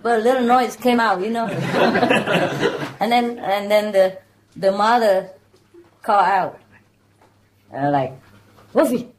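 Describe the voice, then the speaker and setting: A woman telling jokes to friends in a relaxed chat. She keeps laughing at her own punchlines. Her delivery is loose and halting, full of restarts. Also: mid-range voice, background noise. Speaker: joke teller among friends. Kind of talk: casual joke telling.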